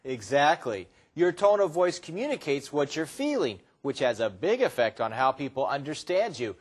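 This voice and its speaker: A man's voice: a little high, big pitch swings, moderate pace, breathy edge. A man explaining English phrases patiently in a scripted teaching dialogue. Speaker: English lesson dialogue partner.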